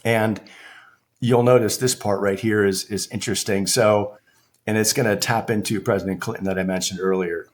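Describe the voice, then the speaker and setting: Low-voiced man explaining a court filing. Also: fairly even intonation, normal speed. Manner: conversational and explanatory, restarts and filler phrases. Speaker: political commentary host. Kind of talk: casual commentary walking through a court filing.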